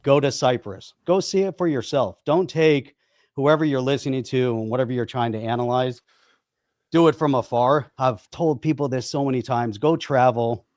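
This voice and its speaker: A man's voice: mid-range voice, normal speed, darkish tone, no echo, studio quality. A man co-hosting a podcast in casual chat, talking bluntly and emphatically, often restarting and repeating himself. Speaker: podcast co-host.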